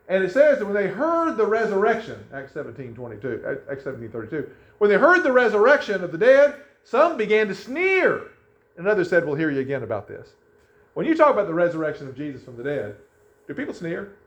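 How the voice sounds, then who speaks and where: A man preaching a sermon in a conversational way, often restarting his sentences. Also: sits high. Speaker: pastor. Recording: echoey room, dull lo-fi sound.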